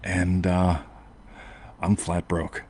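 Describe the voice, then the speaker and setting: A man's voice: sits low, monotone, drawn-out words, darkish tone, slight background noise. A man hosting a show, telling a long personal story in a rambling casual way and often asking "right?". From United States. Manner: rambling, self-interrupting, frequent "right?". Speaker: podcast host.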